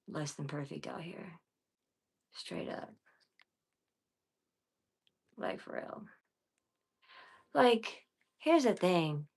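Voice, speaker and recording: A woman ranting bluntly and profanely to her live chat, rambling between quiet mutters and loud bursts. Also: low-pitched. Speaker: livestreamer. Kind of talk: casual livestream rant.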